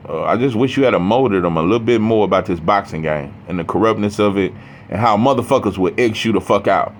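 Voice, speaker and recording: A middle-aged man gives a blunt, preachy, profane monologue about boxing, saying "bro" over and over. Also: mid-range voice. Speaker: boxing commentator. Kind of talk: casual monologue.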